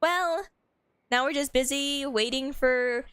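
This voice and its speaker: A woman's voice: sits high, slow, fairly bright tone, no echo. A woman streaming a game, chatting casually with giggly, rambling trash talk. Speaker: gaming streamer. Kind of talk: casual live-stream chat.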